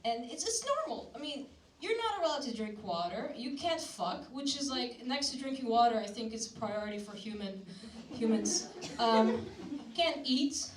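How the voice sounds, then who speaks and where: A young woman from Syria doing a crude, deadpan stand-up comedy set on a club stage, slipping into mocking put-on voices. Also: fairly high pitch, moderate pace, slight background noise. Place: comedy club stage before a live audience. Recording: roomy club sound from a distance, loud crowd laughter.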